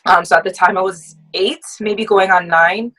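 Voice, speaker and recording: A young woman, a podcast guest, telling her own story reflectively with many hesitant pauses. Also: medium pitch, fairly even intonation, a bit bright, poor audio. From United States. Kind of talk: personal storytelling in a podcast conversation.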